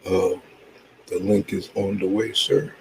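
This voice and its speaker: A man's voice: low voice, level tone, slow, a little mellow, a little hiss or hum, low-quality recording. A man hosting a casual reaction commentary, laid-back and agreeing, often saying "you know what I'm saying". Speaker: channel host reacting to a clip.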